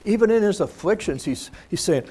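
A man's voice: sits high, expressive, brisk, dark tone, husky. A man teaching a scripture lesson, reading verses aloud and then talking them over in a plain, conversational way. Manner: many fillers and restarts.

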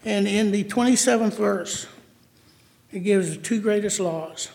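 High-voiced man preaching in an echoey hall. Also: creaky, a little mellow. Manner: halting, with restarts and self-corrections. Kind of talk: sermon. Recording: long hall reverb.

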